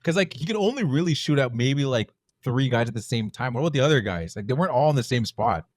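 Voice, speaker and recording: A man co-hosting a casual film review podcast, talking in a relaxed, conversational way with loose fillers. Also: mid-range voice, fast, dry recording, studio quality. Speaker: podcast co-host.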